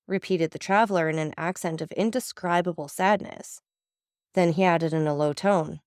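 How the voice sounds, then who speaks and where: A woman narrating a classic novel as an audiobook reader, telling it in a steady, even way. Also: lowish voice, normal speed, smooth, dry recording, studio quality.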